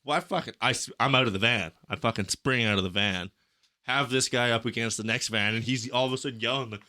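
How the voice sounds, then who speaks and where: Guy swearing his way through a travel story, bright crisp voice, no room sound. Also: mid-range voice, fast, no room sound, studio quality. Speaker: podcast co-host. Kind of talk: casual chat.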